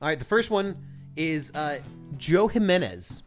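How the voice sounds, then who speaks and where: A man's voice: a little high, expressive, a little slow, faint music behind. A man co-hosting a podcast in casual chat, joking and swearing loosely. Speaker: podcast co-host.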